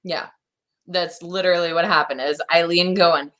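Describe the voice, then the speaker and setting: A woman co-hosting a casual true-crime podcast, telling the story in an animated way. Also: normal speed. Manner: animated storytelling, acts out quotes in a high voice. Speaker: podcast co-host.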